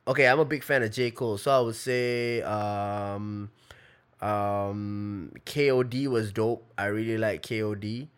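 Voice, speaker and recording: A man's voice: lowish voice, flat delivery, measured pace, clear, resonant tone. A man, answering fan questions in a loose, slangy live chat on his phone, repeating phrases while he thinks. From Malaysia.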